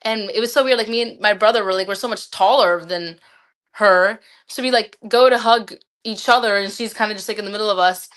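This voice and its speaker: A woman's voice: medium pitch, brisk, a bit bright. A seventeen-year-old girl talking with her dad in a casual chat, rambling and filling her sentences with "like". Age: teenager. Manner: rambling, filler-heavy with lots of "like". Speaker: daughter, podcast guest.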